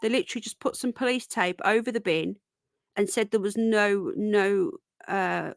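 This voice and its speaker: A woman's voice: medium pitch, moderate pace, vocal fry, dry recording, clean studio sound. A woman with a Birmingham accent hosting a casual livestream, chatting in a rambling way and cooing over her pet rabbits. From Birmingham, England. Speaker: livestream host.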